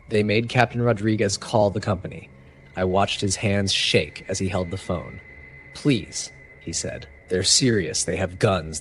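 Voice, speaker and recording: A man giving grave, measured first-person narration of a horror story. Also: deep voice, slight background noise.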